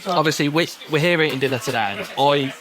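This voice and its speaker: A man's voice: a little high, animated, fairly quick. Man co-hosting over pub chatter. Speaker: co-host. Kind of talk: casual chat. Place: pub dining room.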